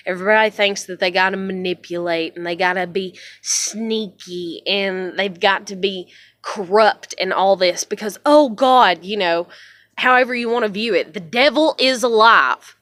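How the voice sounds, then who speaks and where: Woman, young adult, vlogger; blunt, foul-mouthed rant, unhurried delivery, dry room sound. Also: mid-range voice, a bit bright, dry recording. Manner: blunt and heavily profane. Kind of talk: ranting vlog monologue.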